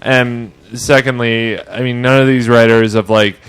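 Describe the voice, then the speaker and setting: A man's voice: medium pitch, fairly even intonation, a little slow, fairly bright tone, smooth. A man co-hosting a podcast, talking casually about comic books in a rambling way with lots of fillers. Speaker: podcast co-host. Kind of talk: casual comic book chat.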